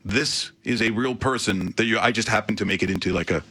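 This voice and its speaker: A man chatting as a radio guest in a rambling, self-deprecating way. His voice is lowish, bright and husky. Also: brisk. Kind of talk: casual radio chat.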